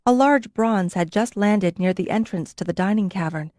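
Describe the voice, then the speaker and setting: A female narrator works through a scripted fantasy audiobook, pitched at a medium level and paced in a measured, even way. The recording is dry and of studio quality.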